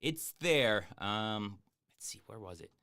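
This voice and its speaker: A man chatting casually on a live stream, answering viewer questions in a rambling, jokey way with lots of fillers and deadpan boasts. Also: fairly low pitch, slow pace, clear, resonant tone. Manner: hesitant with many fillers. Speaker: YouTube streamer answering chat.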